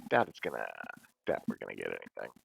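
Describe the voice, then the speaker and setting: A man at a role-playing table comments on the dice in a quick, offhand way. His voice is very deep and gravelly, yet it moves up and down a lot. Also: wildly swooping pitch, slight background noise. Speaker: player. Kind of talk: casual game talk.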